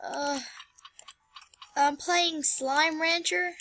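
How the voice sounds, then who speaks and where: A woman's voice: high-pitched, fairly even intonation, very slow, pushed and bright. A young woman hosting a casual let's-play, flustered and exclaiming as she plays. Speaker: gameplay channel host.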